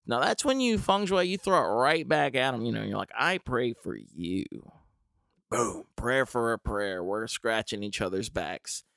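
A man's voice: mid-range voice, animated, moderate pace, creaky, hardly any pauses, a bit bright, clean tone, dry recording, studio quality. A young man telling a comic story with wry, rambling asides. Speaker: comedian. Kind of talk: storytelling comedy monologue.

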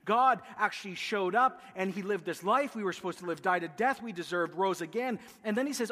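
A man preaching a sermon as pastor, emphatic, building rhythmic lists with quick asides. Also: sits high, bright, forceful tone. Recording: long reverb of a large hall.

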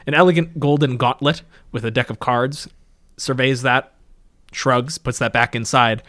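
A man's voice: medium pitch, steady tone, moderate pace, fairly bright tone, no room sound, clean studio sound. A man narrating as game master in a tabletop game, easygoing and descriptive.

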